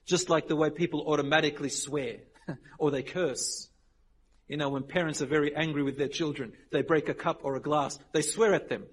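A man preaching a sermon, telling stories with lively voiced dialogue and dropping Arabic religious phrases. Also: fairly high pitch, brisk, slight background noise. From Lebanon. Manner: animated storytelling, acting out quoted people. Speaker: Islamic preacher.

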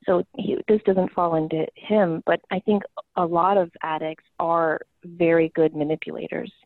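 Candid woman storyteller, lowish voice, dry phone-line sound. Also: little pitch movement, normal speed, dry recording. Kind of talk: casual conversation.

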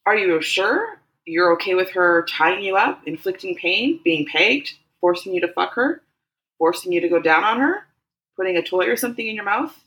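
Methodical, probing young man in a storybook reading, slightly low voice, read by a woman. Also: lively intonation, fairly bright tone, low-quality recording. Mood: measured. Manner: measured, methodical questioning.

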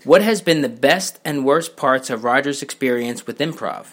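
A relaxed man hosts a podcast, reading out listener questions in a loose, halting way, full of fillers. His voice sits at a middle pitch and sounds close and plain. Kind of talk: casual podcast chat.

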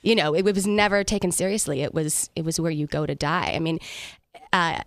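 A middle-aged woman from San Diego, a singer, chatting in an interview in a lively, self-mocking way. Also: low voice, brisk, dry recording, clean studio sound. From San Diego, USA. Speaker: singer, guest. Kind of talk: casual interview chat.

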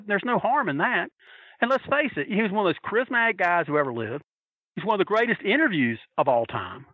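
A man telling a story in a casual, animated way, swearing freely and acting out the voices of the people he quotes. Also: sits high, no echo, highs cut off. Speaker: storyteller recalling wrestling fan days.

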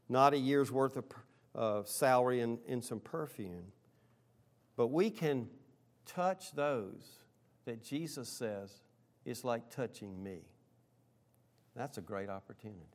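A middle-aged man preaching a sermon in a middle-pitched voice. He speaks earnestly, lifting his voice to stress key lines and dropping quiet for stories and asides. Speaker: pastor.

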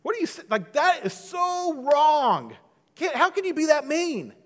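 A pastor voicing an indignant onlooker who scolds a husband for being mean, in a raised, shocked voice. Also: male voice, extremely high pitch, sing-song, measured pace, pitched above the performer's own voice, exaggerated voice. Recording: long hall reverb.

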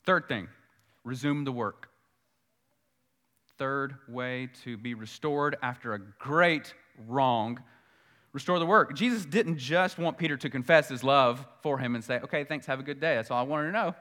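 A male pastor preaching a sermon earnestly, repeating key phrases and swelling louder on his points. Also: medium pitch, moderate pace.

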